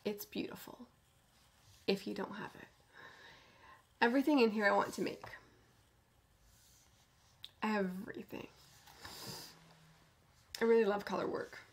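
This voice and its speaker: A woman hosting a knitting podcast in casual chat, gushing with enthusiasm and often dropping to a soft near-whisper. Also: mid-range voice, measured pace, pauses often.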